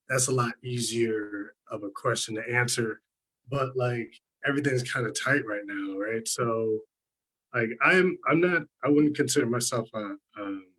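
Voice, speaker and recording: A man's voice: medium pitch, fairly bright tone, low-quality recording. Male stand-up comic, mid-range voice, rambling filler-heavy delivery, video call. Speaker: stand-up comedian. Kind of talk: stand-up set over a live stream.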